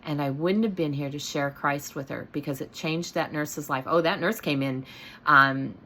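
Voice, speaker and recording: Middle-aged lady, deep low voice, casual rambly storytelling, lots of um and you know. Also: normal speed, bright, forceful tone, slight background noise. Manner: rambling, many fillers and restarts. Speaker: host.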